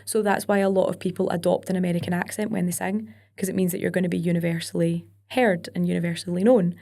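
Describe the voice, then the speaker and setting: A woman's voice: fairly low pitch, steady tone, vocal fry, warm tone. A young Scottish woman with a Glaswegian accent, a country singer chatting casually as a podcast guest and telling stories with local words. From Scotland. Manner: chatty storyteller, quick asides with local words like wee and aye. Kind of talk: casual interview chat.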